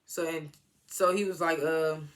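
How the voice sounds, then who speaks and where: A man's voice: fairly high pitch, fairly even intonation, measured pace, fairly bright tone. A man giving a casual, rambling, slangy recap of a TV episode as a reviewer. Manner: rambling slangy retelling with acted-out quotes. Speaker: TV show reviewer.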